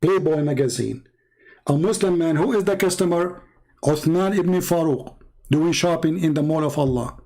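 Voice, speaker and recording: A man's voice: on the high side, moderate pace, dark tone. A man hosting a livestream, talking in a mocking, taunting way and repeating phrases for emphasis. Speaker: livestream host. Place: home setup streaming online.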